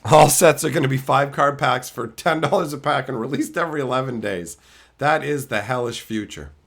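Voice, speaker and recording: A man's voice: fairly quick, gravelly. A middle-aged man hosting a casual livestream, swearing freely and bouncing between chat topics. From Canada. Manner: animated, swears a lot, mimics chatters in high silly voices. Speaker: livestream host.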